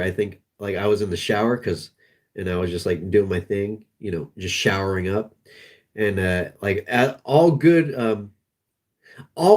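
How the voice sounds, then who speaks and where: Rambling low-voiced male streamer. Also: a little mellow. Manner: rambling, halting, with many restarts. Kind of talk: casual livestream chat.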